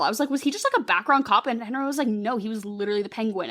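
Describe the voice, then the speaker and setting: A woman co-hosts a podcast in a loose, casual chat. She is animated and swears freely, and her fairly high voice leaps up when she gets excited. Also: very fast, hardly any pauses. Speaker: podcast co-host.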